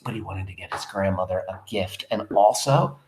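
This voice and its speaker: A man's voice: low-pitched, moderate pace, darkish tone, reverberant, a little hiss or hum. A man teaching a class, reading a play aloud and explaining it in a chatty, emphatic way.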